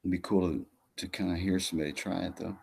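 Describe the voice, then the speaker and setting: A man with a low voice talks loosely in a casual conversation. He hesitates, restarts and lets his sentences trail off quietly. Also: fairly even intonation, fast, vocal fry, slightly rough. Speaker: podcast host. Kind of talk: casual chat.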